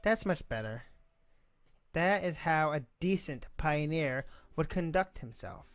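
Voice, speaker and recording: Guy reading out a prim strict camp leader girl, game voice, a bit high. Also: lively intonation, measured pace, no echo, soft background music. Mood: stern. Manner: stern and prim, lecturing.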